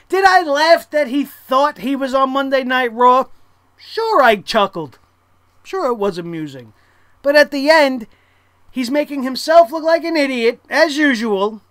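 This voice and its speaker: A wrestling show reviewer ranting in a casual, sarcastic way, blunt and swearing freely, with loud exasperated outbursts and laughter at their own jokes. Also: high-pitched, dry recording.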